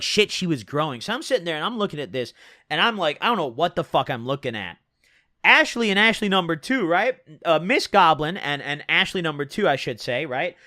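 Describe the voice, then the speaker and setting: Young male vlogger, casual storytime, bright lively voice, dry close recording. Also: fairly high pitch, no room sound. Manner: rambling slangy storytelling with many fillers.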